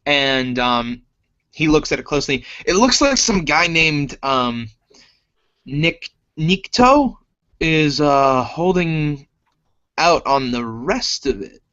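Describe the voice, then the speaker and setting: A man's voice: a little high, very animated, slow, a bit bright. A man narrating a tabletop game as game master, rambling with many fillers in a dull lo-fi recording.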